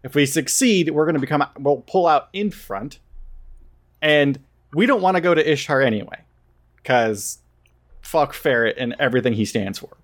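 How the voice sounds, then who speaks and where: A man's voice: on the high side, animated, moderate pace, natural voice. A man voicing a blunt, decisive male starship captain who gives curt, profane orders.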